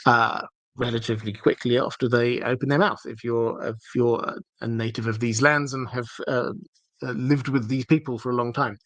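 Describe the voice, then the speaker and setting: A man hosting a livestream Q&A, talking things through in a thoughtful, halting way with many fillers and restarts. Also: mid-range voice, steady tone, fairly bright tone, no echo, rough recording. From southern England. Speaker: livestream host answering viewer questions. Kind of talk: unscripted Q&A livestream.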